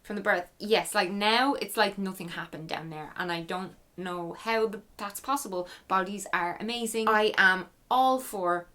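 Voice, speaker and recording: A woman's voice: mid-range voice, moderate pace, few pauses, a bit bright. Chatty Irish woman, frank and emotional. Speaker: vlogger answering viewer questions. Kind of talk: casual Q&A chat.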